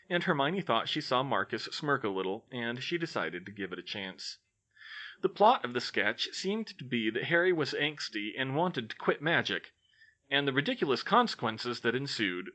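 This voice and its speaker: A man narrates a novel aloud with a bright, forceful tone and a lively, animated pitch. He reads expressively, switching into character voices throughout. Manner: expressive, does many voices. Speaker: audiobook reader. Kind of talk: scripted narration.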